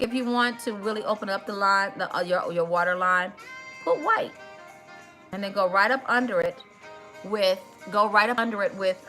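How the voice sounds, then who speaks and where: A woman's voice: fairly low pitch, bright, forceful tone. A woman hosts a casual makeup tutorial, chatty and emotional, talking straight to her viewers. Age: 50s.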